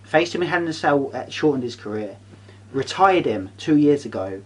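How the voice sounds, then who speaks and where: A man's voice: mid-range voice, lively intonation, normal speed, husky, poor audio. A man in casual chat, ranting and swearing, repeating himself for effect.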